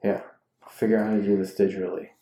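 A man in his thirties co-hosting a podcast from home, his voice mellow and dark even when he gets worked up. He talks in an animated, ranting way, and the room around him sounds echoey. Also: lowish voice, fast. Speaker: podcast co-host. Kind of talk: casual chat with spouse. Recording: roomy home recording.

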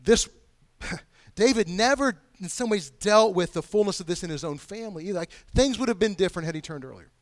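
A man preaching a sermon, pleading with his listeners and swinging between hushed, quiet stretches and loud, emphatic lines. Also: high-pitched, lively intonation, a little fast, dry recording, studio quality. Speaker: pastor.

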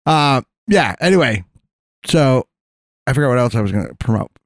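A man's voice: medium pitch, expressive, normal speed, dry recording, studio quality. A man co-hosting a podcast in casual, profane banter, laid-back and stammering through restarts. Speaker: podcast co-host.

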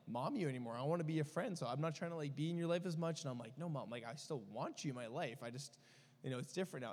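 A young man shares a personal story as part of a sermon, talking openly in a middle-pitched voice. He rambles and restarts, with many fillers. The sound rings with the long reverb of a church hall. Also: darkish tone. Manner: candid, rambling, full of fillers. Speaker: preacher.

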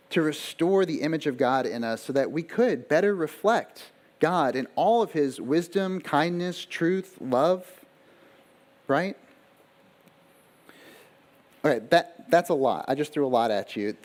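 A man preaching a sermon at a middle pitch, talking casually to his listeners. He checks in with them often, repeats a phrase to stress it, and shifts between slow, weighty phrases and quick asides. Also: a little mellow. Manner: conversational preaching with frequent rhetorical questions. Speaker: pastor.

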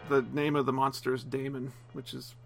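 A man's voice: mid-range voice, little pitch movement, brisk, creaky, soft background music. A man casually commenting on a film as it plays, explaining scenes and chuckling often. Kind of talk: casual watch-along commentary.

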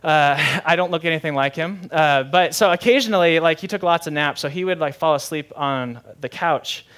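A man's voice: a little high, normal speed, fairly bright tone. A young adult man, a pastor preaching a sermon in a conversational, candid way with self-deprecating humor.

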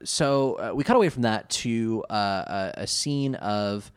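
Low, dry-voiced man chatting casually. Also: unhurried, clear, resonant tone, no room sound. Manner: rambling with many fillers and laughs. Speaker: podcast co-host. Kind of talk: casual chat recapping an anime.

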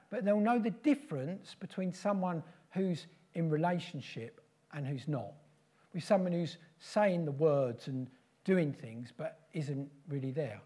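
A man preaching a prophetic sermon in slow, solemn, repeated declarations. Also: fairly high pitch, a little mellow.

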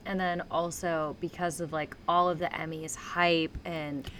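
A woman's voice: deep voice, flat delivery, a little slow, a bit bright, slight background noise. A woman co-hosting a podcast, telling stories casually in a rambling, hedging way. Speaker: podcast co-host. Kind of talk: casual chat.

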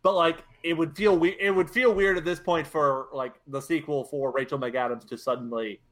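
A man's voice: on the high side, steady tone, normal speed, fairly bright tone. A man co-hosting a casual film podcast, talking with frequent restarts and hesitations. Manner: hesitant, many restarts, laughs often. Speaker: podcast co-host.

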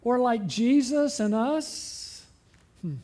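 A man preaching a sermon as pastor, asking the congregation frequent rhetorical questions and slowing and dropping his voice for emphasis. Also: very high-pitched, animated. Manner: varies pace and loudness, slowing and dropping for emphasis.

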